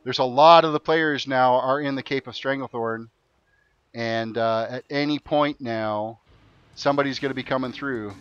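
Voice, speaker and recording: A man's voice: mid-range voice, normal speed, a bit bright, clear, resonant tone, lo-fi sound, faint music behind. A man streaming a game and hosting an in-game race event for his viewers. He chats casually and keeps repeating his instructions to the players. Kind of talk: casual live-stream commentary.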